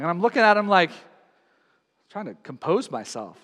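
A man preaching a sermon as pastor, telling a personal story in an animated, emotional way. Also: high-pitched, moderate pace, long reverb tail.

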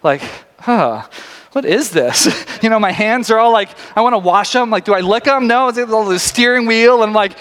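A man preaching a sermon to a congregation in a church sanctuary, talking fast and chatty, cutting himself off and restarting. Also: high-pitched, steady tone, a bit bright, smooth. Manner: fast, chatty and self-interrupting, often laughing. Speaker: pastor. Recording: long reverb of a large sanctuary.

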